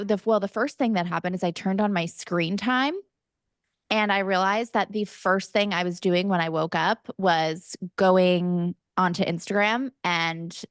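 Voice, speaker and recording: A young woman co-hosting a podcast in casual chat, self-mocking and quick to joke. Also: medium pitch, no echo, clean studio sound. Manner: chatty, self-mocking, slips into playful Irish-accent bits. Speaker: podcast co-host.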